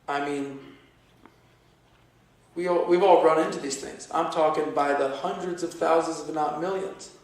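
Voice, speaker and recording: High-ish guy telling stories on a podcast, acts out the quotes, super echoey room. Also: measured pace, long pauses, recorded from a distance. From United States. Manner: animated storyteller who acts out quoted dialogue. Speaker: podcast guest. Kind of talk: storytelling in a conversational interview. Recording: very echoey room, voice away from the mic.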